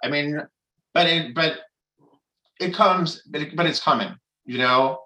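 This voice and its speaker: Bright-voiced man, candid and profane. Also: on the high side, measured pace, poor audio. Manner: rambling with restarts, frequent swearing. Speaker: member sharing at a recovery meeting. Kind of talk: candid personal share.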